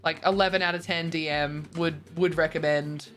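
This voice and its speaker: A woman's voice: deep voice, steady tone, moderate pace, a bit bright. A bubbly woman in her twenties chatting casually with viewers on a stream, laughing often. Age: 20s. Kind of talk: casual chat reading viewer messages. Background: faint music.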